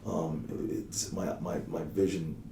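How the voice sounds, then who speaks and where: A man's voice: low-pitched, takes it slowly, vocal fry, slight background noise. A man in his thirties, a strength and conditioning coach, chatting on a podcast and acting out bits of dialogue as he tells stories. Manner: animated storyteller who acts out dialogue. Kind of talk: casual podcast conversation. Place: office. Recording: echoey office, mic at a distance.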